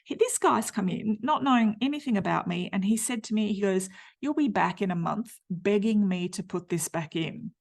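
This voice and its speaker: A woman's voice: mid-range voice, moderate pace, vocal fry, few pauses. A woman in her fifties with an Australian accent, telling her own story as a podcast host in a candid, chatty, blunt way full of fillers. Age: 50s. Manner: blunt and slangy. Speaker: podcast host, menopause nutritionist. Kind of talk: personal storytelling monologue.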